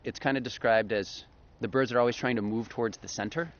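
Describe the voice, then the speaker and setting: A man's voice: medium pitch, steady tone, brisk. A man co-hosting a podcast, explaining research in an enthusiastic, casual way and laughing easily. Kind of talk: casual chat. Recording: slightly dull lo-fi podcast audio.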